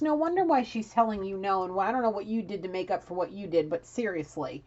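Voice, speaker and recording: A woman's voice: a little high, fast talker, few pauses, highs cut off. Blunt, foul-mouthed woman reading tarot. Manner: blunt and profane; animated, scolding. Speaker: tarot reader.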